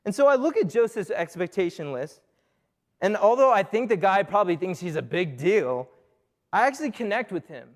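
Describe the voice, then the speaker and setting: A man's voice: high-pitched, sing-song, normal speed. A young man giving a conversational, joking sermon to a young crowd, asking himself questions and using many fillers. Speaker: youth speaker. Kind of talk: casual sermon talk.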